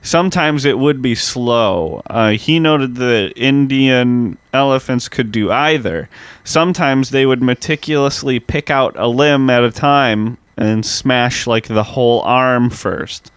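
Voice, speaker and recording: Profane man co-hosting a dark-history podcast. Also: medium pitch, measured pace, clear, resonant tone, dry recording. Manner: profane, graphic, hesitant restarts. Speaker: podcast co-host. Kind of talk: casual comedic chat.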